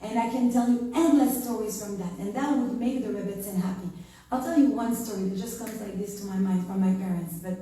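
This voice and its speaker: A woman with a French accent who teaches Torah and tells stories in an animated, inspirational talk. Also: medium pitch, brisk. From France. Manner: animated storytelling. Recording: echoey room, voice from far off.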